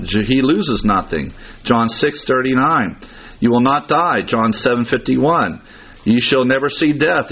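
Emphatic preacher man, husky and lo-fi. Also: mid-range voice, a bit bright. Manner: emphatic, citing verse references rapidly. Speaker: pastor. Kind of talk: expository sermon. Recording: dull lo-fi sound.

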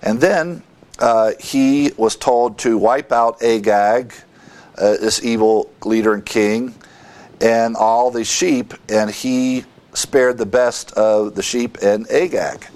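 A man teaching a verse-by-verse Bible lesson, reading scripture aloud and explaining it with halting asides and fillers. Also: mid-range voice, fairly even intonation, a little mellow.

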